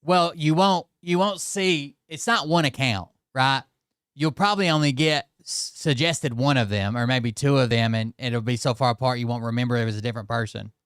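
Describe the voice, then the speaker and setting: A male host gives casual, offhand reactions to videos, often muttering and trailing off. His medium-pitched voice is clear, resonant, and a bit bright, at normal speed, in a dry recording with clean studio sound.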